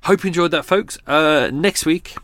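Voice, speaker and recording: A man's voice: fairly high pitch, moderate pace, fairly bright tone, dry recording, clean studio sound. A man hosting a podcast, wrapping up a true-crime episode with casual, rambling chat and quiz questions. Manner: chatty, rambling, with asides and laughs. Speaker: podcast host.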